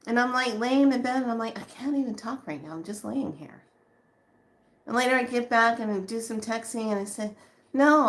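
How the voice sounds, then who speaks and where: A woman giving a casual spiritual talk to viewers, chatty and animated, often laughing and slowing to a soft hush on calming lines. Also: on the high side. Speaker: spiritual teacher.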